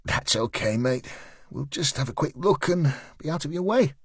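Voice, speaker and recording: A young cop playing good cop, easygoing and placating, pitched noticeably higher than the narrator's own voice, as a man puts him on. The audiobook sound is close and dry. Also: sing-song, measured pace, gravelly, breathy edge, no echo, full character voice. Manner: placating, matey.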